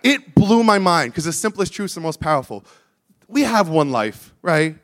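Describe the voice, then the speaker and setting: High-voiced animated young preacher man. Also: normal speed. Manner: casual and animated, with slang asides. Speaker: pastor. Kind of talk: sermon.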